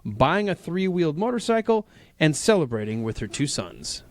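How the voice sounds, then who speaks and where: A man's voice: on the high side, very animated, normal speed. A man co-hosting a radio show, reading odd news items and teasing the host with playful banter. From French background. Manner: playful, teasing, laughs a lot. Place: radio studio.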